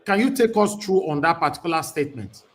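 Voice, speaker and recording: A man's voice: a little high, animated, quick pace. A man hosting a live talk show, courteous with guests and stern with rude commenters. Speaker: host.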